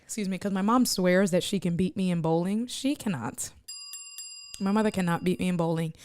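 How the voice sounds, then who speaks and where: A woman's voice: lowish voice, brisk, a little mellow. A woman live-streaming, chatting casually and joking with her viewers as she reads their comments.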